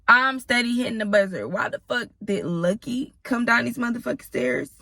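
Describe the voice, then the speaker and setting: A woman's voice: fairly high pitch, moderate pace, gravelly, bright, forceful tone, dry recording. A woman in her thirties telling a personal story to her viewers in a blunt, profane, casual way, often turning to address them directly. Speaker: storytime vlogger.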